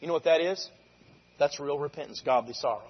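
A man preaching a sermon, moving between conversational asides and loud, drawn-out shouted lines of scripture. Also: a little high, big-room sound, muffled recording, slight background noise.

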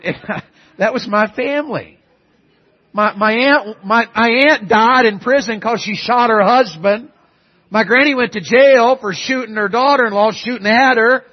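A middle-aged man preaching through folksy family stories, climbing loud and high at the funny peaks and dropping low and quiet for asides. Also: lo-fi sound. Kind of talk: storytelling sermon.

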